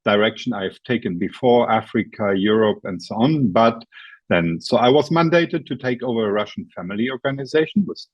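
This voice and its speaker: A man in his fifties, a guest speaker sharing a personal work story with many pauses and fillers. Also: on the low side, lively intonation, dry recording. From Germany. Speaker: guest speaker, logistics executive. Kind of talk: storytelling presentation. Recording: dull dry webinar audio.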